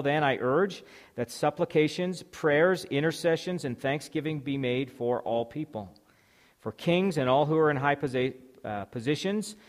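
A man preaching in a hall with a long, ringing reverb. He reads scripture aloud, then walks through it point by point in a mid-range voice, with an occasional "uh" and a restart now and then. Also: mid-range voice. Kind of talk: sermon.

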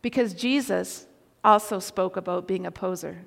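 A woman's voice: lowish voice, moderate pace, gravelly. Storytelling woman preacher in a reverberant hall. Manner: storytelling, animated, shouting quoted outbursts. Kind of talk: sermon with personal story. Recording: long reverb of a large hall.

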